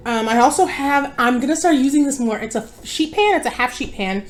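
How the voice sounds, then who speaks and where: A young woman chatting casually at home as she eats, her voice sitting a little high. She sounds worn out and talks in a rambling way, losing her thread and correcting herself. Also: lively intonation, fairly quick, slight background noise. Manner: rambling, easily distracted, self-correcting. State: tired. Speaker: mukbang vlogger. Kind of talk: casual chat while eating.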